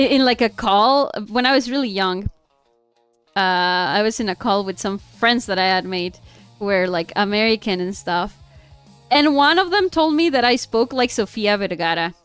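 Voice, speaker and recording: A woman's voice: on the high side, lively intonation, a little slow, a bit bright, clear, resonant tone, no echo, soft background music. A young woman from Mexico with a Mexican accent, chatting casually while she draws on a stream, giggling often and mixing English with Spanish. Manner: bubbly, giggly, switching between English and Spanish. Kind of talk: casual chat while drawing.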